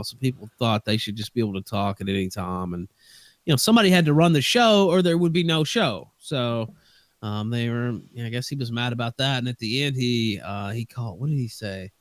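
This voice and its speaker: A man's voice: medium pitch, dry recording. A man speaking as a guest on a casual online call, telling his story at length. He rambles and hedges and keeps restarting his sentences. The sound is dry and close, recorded over a voice call. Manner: rambling, hedging, many restarts. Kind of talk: casual stream chat.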